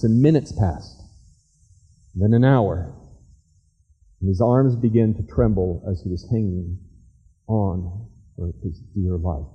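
Male pastor, sermon, storytelling, mellow tone, echoey church hall. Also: medium pitch, unhurried, long pauses, slightly rough. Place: church sanctuary.

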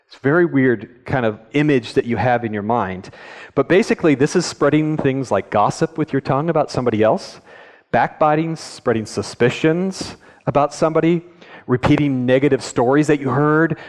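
A man's voice: medium pitch, darkish tone. Man preaching in an echoey hall. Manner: conversational, asks the audience questions. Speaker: pastor. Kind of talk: sermon.

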